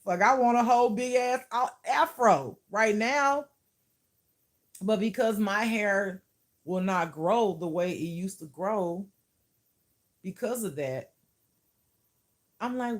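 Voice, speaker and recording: A woman's voice: mid-range voice, lively intonation, slow, long pauses. A woman who teaches spirituality, talking to camera in a casual vlog, blunt and profane, often laughing.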